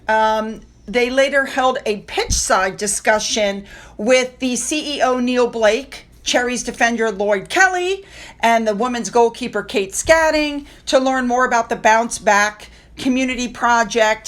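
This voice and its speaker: A woman with a high voice chats casually to her viewers in a gossipy vlog. She talks in a friendly, chatty way and keeps breaking off to speak to the audience directly. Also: fairly bright tone. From United States. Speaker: royal news vlogger. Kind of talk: casual chat.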